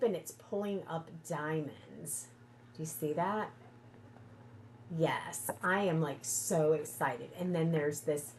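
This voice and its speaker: A middle-aged woman chatting casually on a livestream from home, gushing and excitable. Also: deep voice, a little hiss or hum. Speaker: livestream host.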